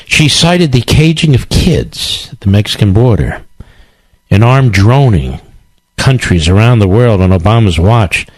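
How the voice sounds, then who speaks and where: A man's voice: lowish voice, animated, a little slow, no echo, poor audio. A male radio talk show host delivering a combative, sarcastic political monologue with emphatic repetition.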